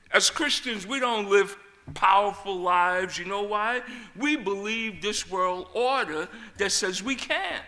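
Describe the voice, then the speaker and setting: A man preaching a sermon, swinging between loud, emphatic shouts and quiet, low asides. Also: slow pace. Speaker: pastor.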